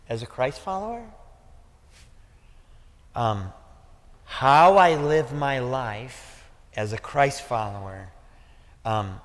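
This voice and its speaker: A male pastor with a Midwestern American accent preaching a sermon in a church, talking conversationally, repeating "okay" and "listen", and climbing to near-shouting when fired up. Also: medium pitch. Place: church sanctuary. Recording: reverberant church hall.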